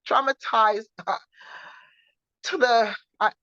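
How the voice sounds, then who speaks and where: A woman sharing her personal testimony in an earnest, halting way, often repeating herself and restarting. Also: fairly high pitch, fairly even intonation, bright, forceful tone, no room sound. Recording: dull lo-fi recording.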